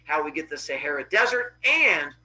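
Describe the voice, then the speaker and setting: A man hosting a podcast, casually retelling Greek myths with animated voices for the characters. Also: a little high, normal speed, reverberant, distant mic, poor audio. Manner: animated, acts out characters' cries. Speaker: podcast host.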